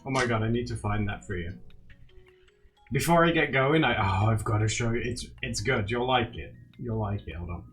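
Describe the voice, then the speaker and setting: A man streaming live, chatting casually and excitably with his viewers and laughing often. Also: mid-range voice, moderate pace, soft background music. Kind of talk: casual live-stream chat while drawing.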